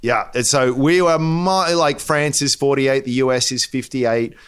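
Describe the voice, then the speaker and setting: A man's voice: mid-range voice, unhurried, a bit bright, clean tone. An Australian man co-hosting a finance podcast, talking casually and thinking aloud with many restarts and repeated words. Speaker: podcast co-host. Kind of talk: casual chat.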